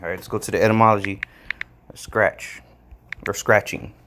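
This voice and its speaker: With slight background noise behind him, a fairly low-voiced man speaks at a moderate pace in a casual, rambling Bible study for a religious video. He repeats himself, often asks "all right?", and turns emphatic and excited when he reads word definitions.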